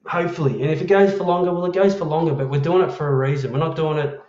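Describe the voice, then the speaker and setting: A man's voice: a little high, steady tone, rapid-fire, a little mellow, echoey room, dull audio. An Australian man hosting a casual livestream, chatting matey and swearing freely while reading out viewer comments. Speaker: livestream host.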